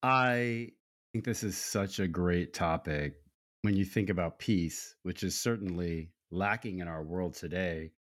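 A man's voice: sits low, measured pace. An American man co-hosting a Christian podcast, speaking in an earnest, reflective way. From United States. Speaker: podcast co-host. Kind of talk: casual faith podcast chat.

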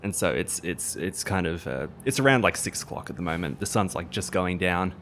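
Deep-voiced Australian game master. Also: male voice, animated, fairly quick, fairly bright tone, a little hiss or hum. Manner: casual, filler-heavy storytelling. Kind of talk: narrating a tabletop role-playing game.

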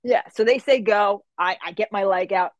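A young woman telling a story in an animated way, acting out the people in it and swearing casually. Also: medium pitch, moderate pace, no echo, lo-fi sound. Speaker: guest.

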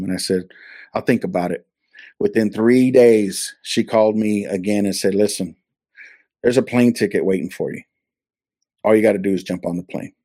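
A man's voice: lowish voice, moderate pace, long pauses, darkish tone, dry recording, studio quality. A man from California, an interview guest, earnestly telling a personal testimony and acting out the dialogue he quotes. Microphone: video call.

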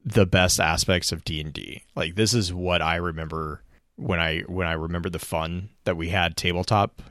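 A man's voice: deep voice, steady tone, normal speed, fairly bright tone, no echo, clean studio sound. A man co-hosting a podcast in casual chat, talking enthusiastically and rambling with frequent restarts. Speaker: podcast co-host.

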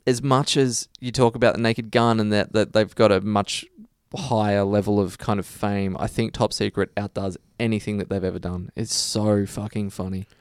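A man's voice: on the low side, flat delivery, normal speed, few pauses, clear, resonant tone, no echo, clean studio sound. A man co-hosting a podcast, reading listener mail in casual chat, laughing and swearing freely. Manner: laughs often, swears freely, slips into voices. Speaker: podcast co-host.

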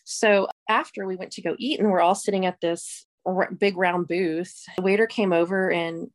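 A woman's voice: lowish voice, fairly even intonation, normal speed. Chatty laughing woman podcast co-host. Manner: chatty, laughs often, trails off mid-sentence. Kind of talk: casual chat.

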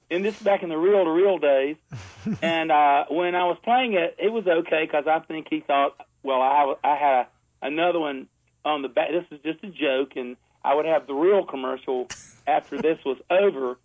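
Chatty man with a high voice. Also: moderate pace, over loud music. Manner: chatty, laughing, many fillers and restarts. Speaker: ad music composer, guest. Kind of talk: casual storytelling interview. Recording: tinny phone-like radio sound.

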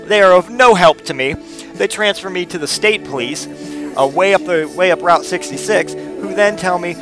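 A man's voice: high-pitched, normal speed, music in the background. A man in his thirties telling a personal story in a rambling, profane way, often repeating words. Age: 30s.

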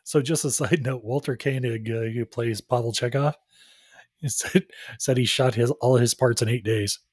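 A man's voice: mid-range voice, fairly even intonation, moderate pace, darkish tone, slightly rough, dry recording, clean studio sound. A man co-hosting a casual podcast chat, making wry, chatty side remarks. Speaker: podcast co-host.

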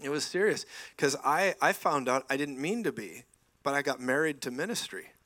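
Guy in his 40s preaching at church, excited, keeps laughing and saying praise god, mid-pitched voice. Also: normal speed. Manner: enthusiastic, laughing asides, frequent praise interjections. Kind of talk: lively sermon with stories. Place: church sanctuary.

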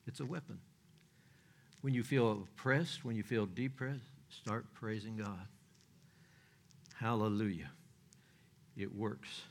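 A man's voice: fairly low pitch, takes it slowly, vocal fry, long pauses. An older man preaching a sermon in a folksy, joking way, with loose restarts and chuckles.

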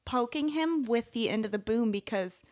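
A woman co-hosting a comedic podcast, chatty with deadpan jokes. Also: fairly high pitch, normal speed, no echo, clean studio sound.

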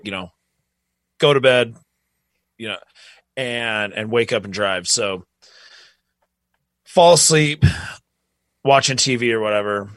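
A young man in casual podcast chat, rambling through a tour story in a loose, easygoing way. His voice sits at an ordinary middle pitch. The sound is close and dry, with no room around it. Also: takes it slowly, pauses often, a bit bright, no echo. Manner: laid-back, rambling with many fillers. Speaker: podcast co-host.

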